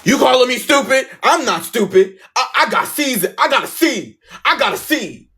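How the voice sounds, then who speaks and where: A man's voice: very high-pitched, lively intonation, normal speed, pushed and bright, pitched above the performer's own voice, heavily acted. A man voicing a defensive, whiny teenage boy bully.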